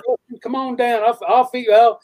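A high-pitched man, talking loosely and drawling through stories about fishing and barbecue. He rambles, restarts his sentences and jokes as he goes, in an easy, casual chat. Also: level tone, moderate pace, darkish tone, slight background noise. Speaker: fishing and cooking show host.

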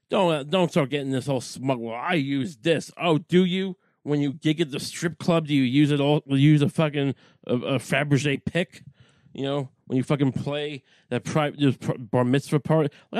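A man's voice: a little high, darkish tone, no room sound. A man hosting a casual monologue, rambling with lots of swearing and working himself up into rants. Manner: profane, rambling, gets worked up into ranting.

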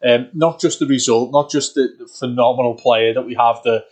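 A man co-hosting a casual football podcast, talking in a rambling, excitable way with many restarts. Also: mid-range voice, fairly quick, breathy edge. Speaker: podcast co-host.

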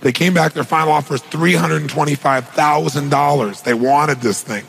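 Gravelly man telling an animated story. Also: on the high side, moderate pace, a little hiss or hum, low-quality recording. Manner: animated, retells dialogue with rhetorical questions. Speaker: motivational speaker. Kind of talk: storytelling on stage.

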